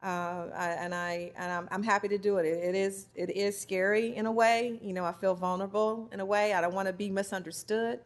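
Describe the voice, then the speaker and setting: A woman from the United States sharing her experience as a spouse, earnest and halting with many restarts. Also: mid-range voice, steady tone. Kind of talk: heartfelt personal testimony.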